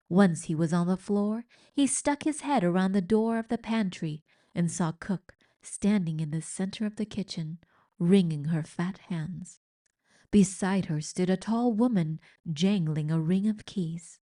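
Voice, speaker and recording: Narrator: woman, slow and expressive, children's book read-aloud. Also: medium pitch.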